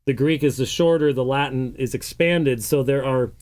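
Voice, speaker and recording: A man hosts a call-in show with a voice of ordinary, middle pitch. He explains things at length and teaches as he talks, and he fills his pauses with frequent "uh"s. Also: a little mellow. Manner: explains at length with many "uh" fillers, lecturing. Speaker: host of a call-in program. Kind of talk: call-in radio talk and teaching.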